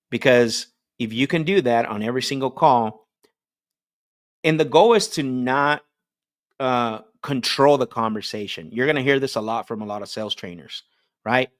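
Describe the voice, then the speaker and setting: A man coaching a group call on sales technique, talking with energy and checking in with "right?" as he goes. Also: medium pitch. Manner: energetic, repeats "right?" often, restarts sentences. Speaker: sales trainer.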